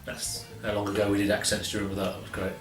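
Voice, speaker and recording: A man's voice: fairly low pitch, monotone, racing. A man casually chatting as co-host of an album review show, rambling and laughing often. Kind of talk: casual chat. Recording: roomy, slightly distant sound with faint music.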